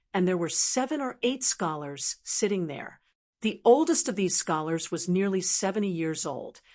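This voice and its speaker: A woman narrating an audiobook in an even, measured reading. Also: mid-range voice.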